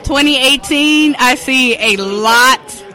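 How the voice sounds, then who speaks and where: A woman's voice: high voice, slow, pushed and bright, faint music behind. A woman wrestler answering interview questions in a confident, playful manner at a live event.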